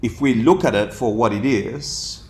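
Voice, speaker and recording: A man's voice: medium pitch, measured pace, darkish tone. A man teaching a dharma class to a room of students, playful, laughing often and putting questions to them.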